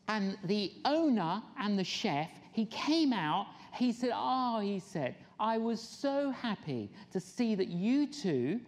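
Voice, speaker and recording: Lady preacher telling stories, voice swoops all over, acts out the people she quotes. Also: mid-range voice. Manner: animated storyteller, acts out quoted people with laughs. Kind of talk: sermon storytelling.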